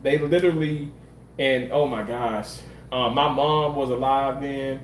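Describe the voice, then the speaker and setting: A man's voice: medium pitch, fairly even intonation, measured pace, reverberant, a little hiss or hum, poor audio. A man from Mississippi, telling a personal story in a candid, rambling way and swearing freely. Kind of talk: casual storytelling monologue.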